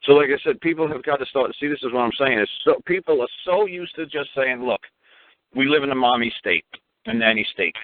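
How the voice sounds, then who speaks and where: A man from New York with a New York accent, ranting fast and profanely on a radio talk show, acting out other people's voices as he goes. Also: medium pitch, lively intonation, dry recording. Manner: fast, profane, repetitive, acts out quoted voices. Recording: tinny phone line, dry.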